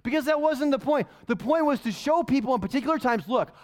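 A male pastor preaching a sermon in an animated, conversational way full of rhetorical questions. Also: very high-pitched, fast talker.

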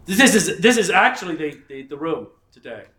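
A middle-aged man from England lectures in a loose, rambling way. His voice sits fairly high, and he slips into acted-out quotes between chuckling asides. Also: sing-song, normal speed, sharp tone. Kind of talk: casual lecture with anecdotes.

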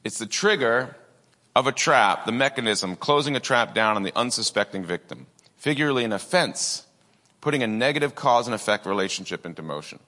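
A man's voice: mid-range voice, expressive, fairly quick, bright, forceful tone, long reverb tail. A man preaching a sermon in a conversational way, with many asides and fillers. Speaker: pastor.

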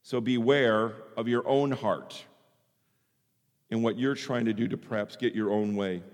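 A man preaching a sermon in an animated way, sometimes acting out the voices of the people he quotes. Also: mid-range voice, measured pace. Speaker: pastor. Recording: long hall reverb.

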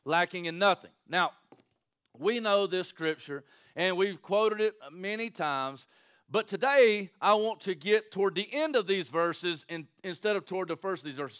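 A man's voice: high voice, smooth. A man preaching a sermon to his congregation in a conversational way, often tossing in "right?" to the crowd. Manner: animated, conversational preaching with frequent "right?" asides. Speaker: pastor.

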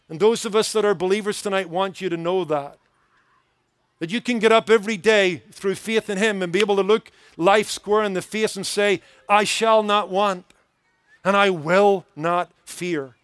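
A man's voice: high-pitched, smooth, dry recording. A man preaching a sermon as pastor, earnest and emphatic, building points through rhythmic repetition.

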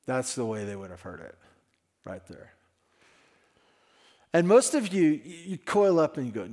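A man's voice: mid-range voice, animated, moderate pace, a little mellow. A man preaching a sermon in a conversational way, his voice rising and dropping in level. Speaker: pastor.

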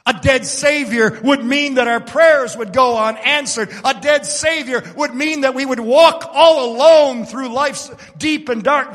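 A man preaching a sermon dramatically, moving from hushed lines to shouting, in a large church hall. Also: extremely high pitch. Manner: dramatic, swings between hush and shouting. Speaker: pastor. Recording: long reverb of a large hall.

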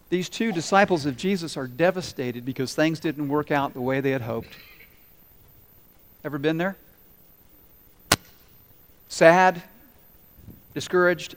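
Pastor, man, high-pitched, dramatic pauses, echoing sanctuary. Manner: dramatic pauses and voiced quotes. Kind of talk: sermon. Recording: long hall reverb.

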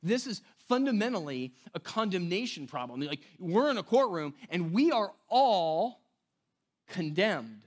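A man's voice: sits high, unhurried. A man preaching a sermon as pastor, casual and conversational, often asking "right?" and acting out the people he quotes. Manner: animated storytelling, acting out quoted voices.

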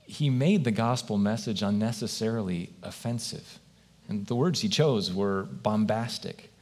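A man's voice: on the low side, measured pace, darkish tone. A man preaching a sermon as pastor, earnest and reflective, posing question after question to his congregation in a church.

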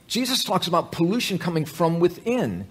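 A man preaching a sermon, joking with the congregation and telling animated stories, with many fillers and restarts. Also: high voice, normal speed, breathy edge.

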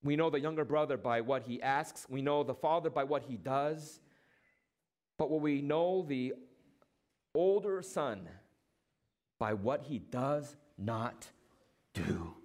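A man preaching a sermon, asking rhetorical questions, using dramatic pauses and acting out quoted lines. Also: mid-range voice, a little mellow. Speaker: pastor.

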